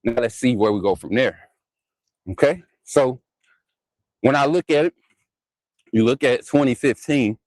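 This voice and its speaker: A man's voice: medium pitch, a little slow, long pauses, a little mellow, no room sound, poor audio. A man hosting a live sports talk stream, chatty and laughing often as he talks straight to his viewers. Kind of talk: casual live-stream chat.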